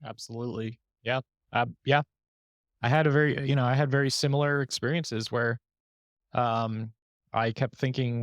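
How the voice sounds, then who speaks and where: A man's voice: medium pitch, steady tone, normal speed, no echo, studio quality. A man hosting a podcast, talking openly and reflectively about his own struggles in a candid conversational way. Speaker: podcast host.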